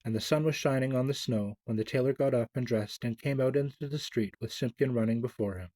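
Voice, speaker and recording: Mellow man reading a children's storybook, dry close sound. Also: mid-range voice, a little fast, dry recording. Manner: gentle, expressive reading with small stumbles.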